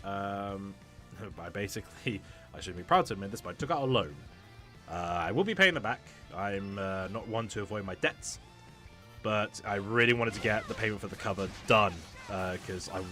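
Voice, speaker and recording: A man's voice: lowish voice, moderate pace, pushed and bright, faint music behind. A man streaming a video game, chatting casually with many fillers, restarts and laughs.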